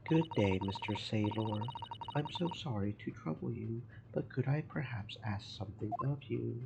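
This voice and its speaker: A man's voice: mid-range voice, moderate pace, vocal fry, lightly acted. A man voicing an earnest young male lawyer who is polite but awkward. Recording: muffled with steady background noise.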